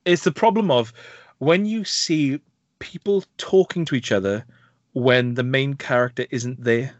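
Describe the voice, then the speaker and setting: A man's voice: mid-range voice, measured pace, no room sound, lo-fi sound. A man co-hosting a podcast, reviewing a film in a rambling, casual way with many fillers and bursts of laughter. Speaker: podcast co-host.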